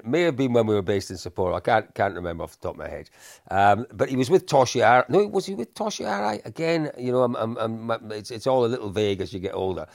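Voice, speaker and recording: Gravelly man telling stories. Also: on the low side, dry recording, studio quality. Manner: animated anecdotes with frequent laughs. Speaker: podcast co-host. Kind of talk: casual storytelling chat.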